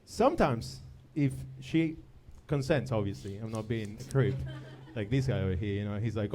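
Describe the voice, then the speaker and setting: A man's voice: lowish voice, lively intonation, normal speed, hardly any pauses, dark tone. A man rambling through an improvised comic debate, laughing and making crude jokes. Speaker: comedy debater.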